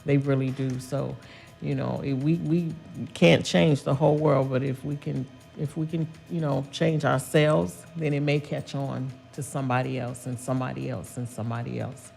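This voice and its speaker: A woman's voice: rumbling low, fairly even intonation, normal speed, creaky, warm tone, faint music behind. A woman co-hosting a casual chat show, earnest and a bit preachy. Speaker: co-host.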